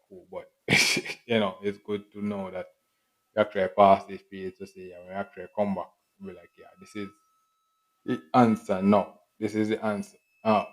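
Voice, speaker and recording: A man with a low voice that stays fairly flat, talking on his own in a loose, rambling way. He circles back and repeats phrases, laughing briefly and slipping into quoted remarks as he goes. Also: rough recording. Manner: rambling, repetitive, with frequent laughs and acted-out quotes. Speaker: podcast host. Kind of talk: casual solo monologue.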